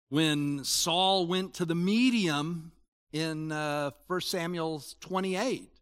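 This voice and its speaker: A man in his sixties preaching a sermon in a conversational way, moving between loud emphasis and quiet asides. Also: high voice. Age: 60s. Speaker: pastor.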